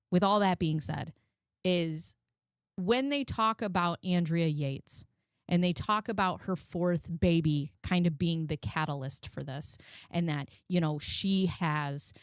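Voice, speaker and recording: A woman's voice: fairly low pitch, no echo, clean studio sound. A woman candidly telling a personal story to her viewers, frank and emotional, swearing freely. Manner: emotional, profane, frank, addresses viewers as friends. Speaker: commentary channel host.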